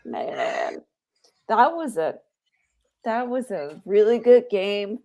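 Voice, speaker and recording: A woman's voice: medium pitch, lively intonation, slow, warm tone. A woman co-hosting a casual sports podcast, exasperated and emphatic, repeating her points. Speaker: podcast co-host.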